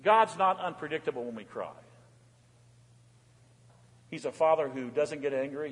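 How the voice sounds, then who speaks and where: A middle-aged man, a pastor, giving a fervent sermon in a church, moving between raised cries and soft, low asides. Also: normal speed, long pauses. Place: church sanctuary. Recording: reverberant church hall.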